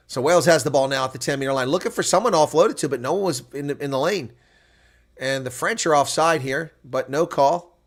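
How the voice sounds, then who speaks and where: A man with a slightly high voice talks fast as he hosts live rugby reaction commentary. He calls each play, shifting from calm breakdowns to excited shouting at the big moments.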